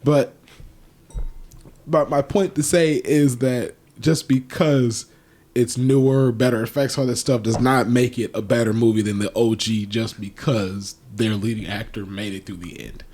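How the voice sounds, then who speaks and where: A man's voice: medium pitch, fairly even intonation, unhurried, darkish tone. A man co-hosting a podcast in casual chat, rambling with many restarts and now and then a swear word. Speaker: podcast co-host.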